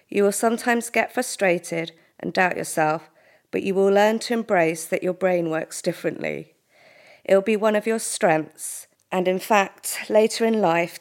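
A woman with a fairly low voice reads aloud from a letter she wrote to her younger self. Her delivery is earnest and measured, with a heartfelt tone throughout. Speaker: podcast guest, company co-founder.

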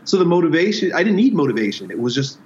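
A man with a fairly high voice speaks thoughtfully as an interview guest, working through his ideas with images and stories from his own life. The sound is roomy and a bit dull, as if picked up in an echoey space with a modest mic. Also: big pitch swings, rapid-fire, slight background noise. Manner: reflective, explains with metaphors and personal stories. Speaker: strength coach, guest. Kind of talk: casual conversational interview.

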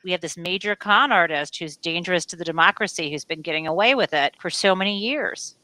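A woman from the Midwest speaks as a guest author in an interview. Her voice is fairly low yet bright and forward, recorded close and dry. She explains her points clearly and with lively emphasis. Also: a little fast, no room sound, low-quality recording. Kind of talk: interview answers.

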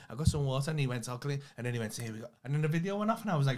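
A man co-hosting a podcast, telling stories in an animated, swearing, casual chat. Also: fairly high pitch, racing, few pauses. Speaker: podcast co-host.

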